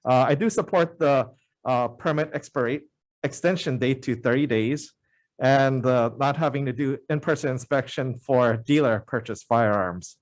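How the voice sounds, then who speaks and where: A man testifying at a legislative hearing as a member of the public, speaking in an earnest, halting way with many fillers. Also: mid-range voice.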